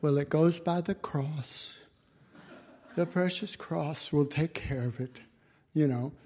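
A man's voice: on the high side, slow, mellow, husky. A man giving an informal Bible teaching in a folksy way, chuckling often and restarting his phrases.

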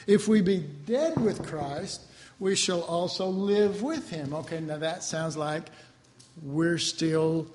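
A man preaching a sermon, teaching from the Bible in an emphatic, conversational way and acting out his own inner dialogue. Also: on the high side. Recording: hall reverb with faint background noise.

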